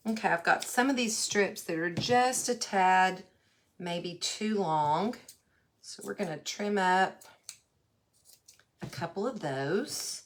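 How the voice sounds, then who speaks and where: A woman with a Texas accent hosting a casual craft livestream, chatty and folksy, warmly greeting viewers by name as she works. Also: mid-range voice, takes it slowly, pauses often, slight background noise. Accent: Texan.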